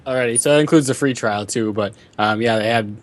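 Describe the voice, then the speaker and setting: A man's voice: mid-range voice, a little fast. Rambling man hosting a gaming podcast. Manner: rambling, filler-heavy. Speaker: podcast host. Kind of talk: casual chat.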